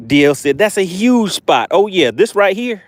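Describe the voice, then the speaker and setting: A young man hosting a live fishing stream from a boat outdoors, talking excitedly to viewers and joking with made-up words. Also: high-pitched, moderate pace. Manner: animated, hypes viewers, playful made-up words. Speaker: fishing channel host.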